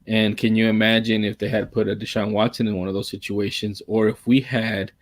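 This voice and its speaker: A low-voiced man talks football in a loose, rambling way, circling back and restarting his sentences. His delivery is fairly flat and monotone. The sound is dry and close, with no room echo. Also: a little fast. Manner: rambling, restarts often, calls himself monotone. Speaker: podcast co-host. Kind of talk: casual sports talk.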